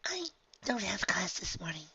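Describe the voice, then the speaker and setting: A reader voicing a gentle young unicorn filly in a soft, hushed whisper, as whispered role-play. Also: medium pitch, sing-song, normal speed, breathy edge, dry recording, highs cut off, pitched above the performer's own voice, full character voice.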